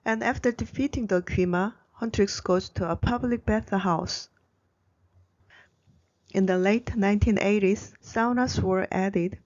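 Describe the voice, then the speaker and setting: A woman narrates a language-learning video in a scripted, explanatory way. Her voice sits at a middle pitch. The recording is a bit dull and lo-fi. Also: a little mellow. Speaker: Korean language educator.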